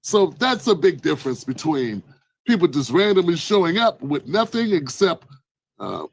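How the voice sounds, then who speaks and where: A man calmly explaining the news as an online commentator, in a measured, wry way. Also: a little high, creaky, breathy edge, low-quality recording.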